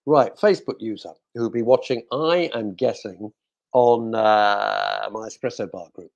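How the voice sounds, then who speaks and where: A man's voice: on the low side, a little slow, vocal fry, muffled recording. A male radio host chatting casually in a studio, cracking jokes and reading out listener messages. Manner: jokey, rambling, talks to himself.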